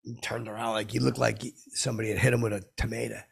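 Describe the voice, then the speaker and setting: A man's voice: lowish voice, flat delivery, very fast, creaky, slightly rough. A man rambling through a comic story, stammering and repeating himself in a brash way. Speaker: comedy podcast host telling a story.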